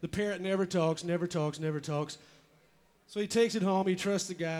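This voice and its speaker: A man tells a long joke on stage in a loose, conversational way. His voice sits a touch high for a man, and he swears casually as he goes. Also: brisk, darkish tone. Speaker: stand-up joke teller and musician.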